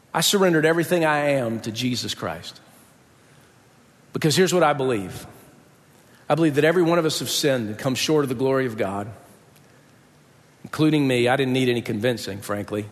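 A man delivers a sermon, recounting a personal story and performing the voices of the people in it. His voice is mid-range, and a long reverb tail trails after his words.

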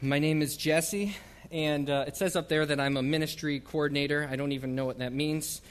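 A middle-aged man gives a loose, joking church talk from the front of a church hall. His voice sits a little high for a man, and he fills his pauses with ums and uhs, poking fun at himself as he goes. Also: fairly even intonation, clean tone. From northern United States. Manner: chatty, self-deprecating, many ums and uhs. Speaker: ministry coordinator and missionary.

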